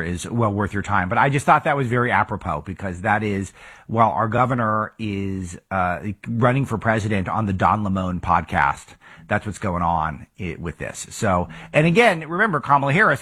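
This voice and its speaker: Male talk host, low husky voice, punchy opinionated commentary. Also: fairly bright tone. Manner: emphatic, rhetorical questions. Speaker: political talk show host.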